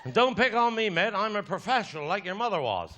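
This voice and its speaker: A man's voice: high-pitched, sing-song, fast talker. A man with a Cornish accent telling bawdy rural yarns on stage and putting down hecklers. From Cornwall, England. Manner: bawdy rural yarn-spinning with heckler put-downs. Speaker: stand-up comedian. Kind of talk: live stand-up storytelling. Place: theatre stage before a live audience. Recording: live show with loud audience laughter and noise.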